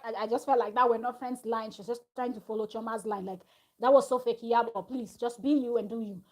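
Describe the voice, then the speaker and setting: A woman with a slightly high voice recaps a reality-show episode in a loose, chatty way. She retells the arguments with animation, like a vlogger talking straight to her audience from home. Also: a little fast. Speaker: reality TV review host. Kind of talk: casual gossip recap to camera. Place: at home with her small child nearby.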